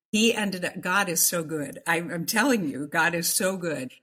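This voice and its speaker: A middle-aged woman with a deep, low voice speaks as a guest in an interview. She tells her personal story of faith earnestly, pressing her points and repeating words for emphasis. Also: measured pace, a bit bright, slightly rough. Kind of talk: emotional personal testimony.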